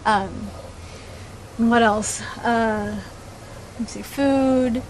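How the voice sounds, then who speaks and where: A woman's voice: a little high, very slow, a little hiss or hum, rough recording. A woman chatting casually to camera, rambling and gushing, with lots of fillers and restarts. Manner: gushing and excitable about favorite shows. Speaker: video blogger.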